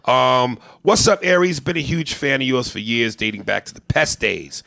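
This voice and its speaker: A male comedian hosts a podcast in a casual, profane way, with a gravelly edge under his voice. His pitch swings widely as he breaks into bits and impressions, and the sound is dry and close to the mic. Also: normal speed, no echo. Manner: profane, animated, jumps into impressions.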